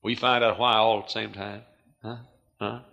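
A pastor delivers a sermon with a gravelly edge to his voice. His tone is bright and forceful. He drops to near whispers and then climbs to shouted peaks. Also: fairly low pitch, flat delivery, a little fast, lo-fi sound. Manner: swings from hushed to shouted preaching.

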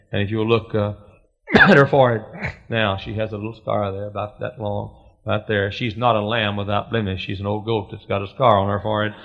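A man preaching a sermon, storytelling with rising passion and shouted refrains. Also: mid-range voice. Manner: impassioned preaching, swelling to shouts. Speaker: pastor. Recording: dull lo-fi sermon recording.

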